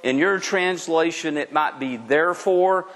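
A man's voice: a little high, unhurried, fairly bright tone. A man preaching a sermon, emphatic and repetitive, asking the congregation rhetorical questions. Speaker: pastor. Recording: long hall reverb.

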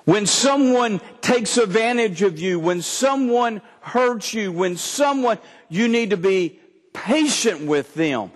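A man's voice: sits high, expressive, takes it slowly, in a large hall. A man from Texas, preaching a sermon, reading scripture and explaining it with humor. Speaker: pastor.

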